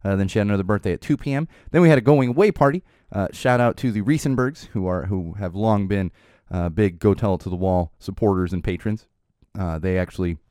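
Lively, rambling man hosting a podcast. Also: fairly low pitch, no echo, studio quality. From Los Angeles area. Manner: rambling, animated, swears, laughs often, many fillers. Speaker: podcast host. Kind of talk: casual chat. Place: studio.

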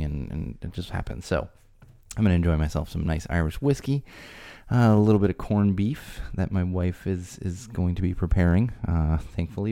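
Exasperated male podcast host, mellow voice. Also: vocal fry. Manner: exasperated ranting, voice climbing high when worked up. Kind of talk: solo podcast rant. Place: home studio.

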